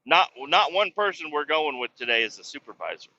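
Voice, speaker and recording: A man's voice: a little high, sing-song, a little fast, sharp tone, lo-fi sound. A man in his thirties hosting a solo podcast, ranting casually and profanely in a rambling, exasperated way. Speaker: podcast host.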